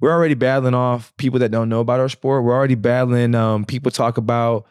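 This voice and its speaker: A man's voice: medium pitch, steady tone, fast, a little mellow, smooth, no room sound, clean studio sound. A man co-hosting a podcast, teasing and slangy, laughing a lot as he chats. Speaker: podcast co-host. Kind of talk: casual chat.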